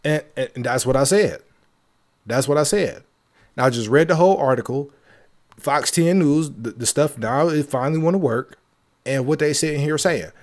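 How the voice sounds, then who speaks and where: A man's voice: a little high, normal speed. A man hosting his own show, talking in a casual monologue, emphatic and repetitive, with joking asides. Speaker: podcast host.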